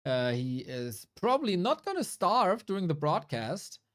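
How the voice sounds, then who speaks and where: A woman calls a live strategy game match, trading jokes with her co-caster. Her voice sits fairly low but swings widely in pitch. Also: very animated, measured pace. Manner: jokey, banters with co-caster. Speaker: esports caster.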